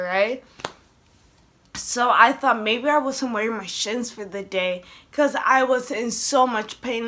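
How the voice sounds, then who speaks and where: A woman's voice: a little high, bright, forceful tone. A young woman casually telling a personal story to her vlog camera, chatty and full of "like", acting out the voices of people she quotes. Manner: chatty, heavy use of "like", acts out quoted voices. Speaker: vlogger.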